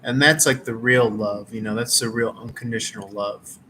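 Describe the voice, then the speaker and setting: A tarot reader chats casually outdoors around a campfire, laid-back, meandering and full of fillers in rambling talk. His fairly low voice is steady, at normal speed, pushed and bright, on a low-quality recording with slight background noise.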